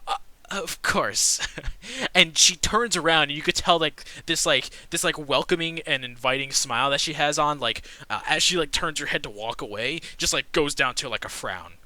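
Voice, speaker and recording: A man narrating a tabletop game as game master, halting, with many fillers and restarts. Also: fairly high pitch, bright, forceful tone, no echo.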